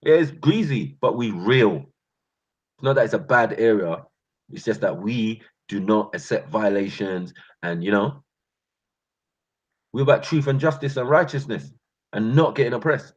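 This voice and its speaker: Husky low London man telling stories. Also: measured pace. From North London. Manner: laughing, slangy, animated storytelling. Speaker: channel host. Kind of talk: casual storytelling monologue. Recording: dull lo-fi recording.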